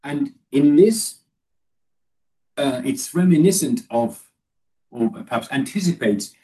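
A man's voice: on the low side, dark tone. A man giving a discursive, explanatory Bible study lesson, with the voice recorded from a distance. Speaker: Bible teacher.

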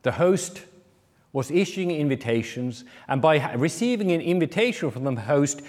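A man delivers a sermon, working through a parable and slipping into the voices of the people he quotes. His voice sits fairly high. The sound carries a long reverb, as in a large hall. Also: lively intonation, moderate pace, darkish tone. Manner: explanatory, acts out quoted speakers. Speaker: preacher.

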